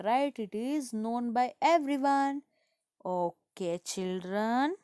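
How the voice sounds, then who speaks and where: A woman school teacher with an Indian English accent, giving an online grammar lesson to children, explaining slowly and answering her own questions. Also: medium pitch, a little mellow, clear, resonant tone, no echo, clean studio sound. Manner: slow, repetitive explaining, asks and answers herself.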